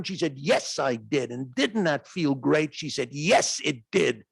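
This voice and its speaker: A man giving an animated answer in a lecture question period, acting out dialogue as he tells a story. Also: normal speed, gravelly, few pauses, slightly rough, no echo. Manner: animated storytelling, acts out dialogue in raised pitch. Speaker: guest lecturer. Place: lecture hall.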